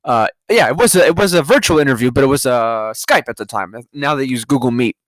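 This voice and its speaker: A podcast host from California tells a story as a profane, sarcastic rant, now and then laughing at his own story. His voice sits at an ordinary pitch for a man. The sound is dry and close, with no room around it. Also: expressive, fairly quick, dry recording. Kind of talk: casual ranting monologue.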